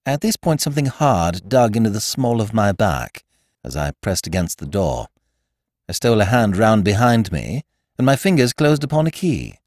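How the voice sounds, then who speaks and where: A man and podcast host reading a classic comic story aloud in first person, with wry, expressive storytelling. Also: fairly low pitch, normal speed, no echo, studio quality. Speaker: audiobook narrator and podcast host. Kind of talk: scripted storybook narration.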